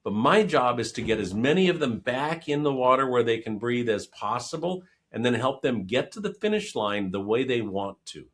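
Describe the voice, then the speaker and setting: Animated middle-aged man telling stories. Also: medium pitch, moderate pace, few pauses. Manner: animated storyteller who acts out quoted dialogue. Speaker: financial planner, guest. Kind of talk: conversational interview storytelling.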